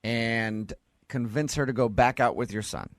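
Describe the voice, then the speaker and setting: A man's voice: mid-range voice, measured pace, no room sound, clean studio sound. A man hosting a radio show, teasing and playful as he chats with a caller. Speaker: radio host. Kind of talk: morning radio banter. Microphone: studio microphone.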